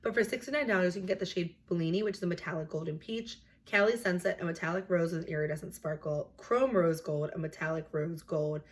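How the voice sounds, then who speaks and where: A young woman with a slightly low voice, talking through new makeup releases in a chatty, opinionated way. She fills her sentences with "like" and "um" as she reviews products for her beauty channel. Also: quick pace, hardly any pauses. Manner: chatty, opinionated, filler-heavy. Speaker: beauty vlogger.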